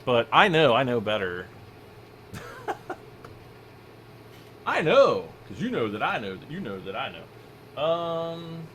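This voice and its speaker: A man's voice: mid-range voice, big pitch swings, moderate pace, a bit bright, a little hiss or hum. A man hosting a game livestream, chatting casually and rambling as he answers viewers' chat questions between moves.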